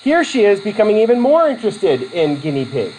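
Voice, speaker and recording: A man's voice: high-pitched, huge pitch swings, fairly quick, darkish tone, slight background noise, poor audio. A man from Vermont teaching a college class, chatty and self-deprecating, with many fillers and restarts as he takes student questions. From Vermont, USA. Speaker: college instructor.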